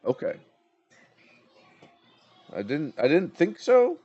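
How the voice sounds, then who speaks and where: A man's voice: on the high side, huge pitch swings, slow, mellow, lo-fi sound, faint music behind. A young man narrating a tabletop game as game master, explaining loosely with fillers and restarts.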